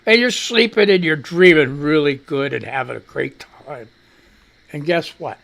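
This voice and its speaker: A radio host rambles casually on a live talk show, reading news headlines and adding his own blunt commentary. He's animated, swears freely, and talks to his cat. His voice is fairly high and creaky, at a moderate pace.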